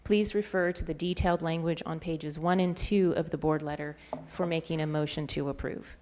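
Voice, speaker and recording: Woman, low voice, county staff presenter, measured formal reading. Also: steady tone, darkish tone.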